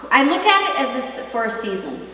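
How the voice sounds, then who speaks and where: A woman's voice: high-pitched, sing-song, fairly quick, pushed and bright. Woman, heartfelt and upbeat, family vlog co-host, empty room echo, far from the camera, faint room hiss. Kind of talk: casual family vlog chat. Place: large empty house, indoors.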